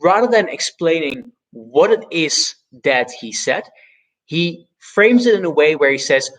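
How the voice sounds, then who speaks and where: A man with a somewhat raised voice teaches debate and public speaking. He breaks a speech down step by step in a clear, instructional manner and leans hard on the words that matter. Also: a little high, animated, a bit bright, rough recording. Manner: explanatory, deliberately stresses key words. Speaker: debate educator. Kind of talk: instructional video analysis.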